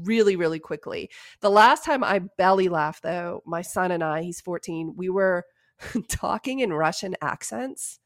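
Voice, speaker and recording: A woman in her forties hosting a podcast, giving casual advice with lively stories and frequent laughs. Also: on the low side. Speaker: podcast host.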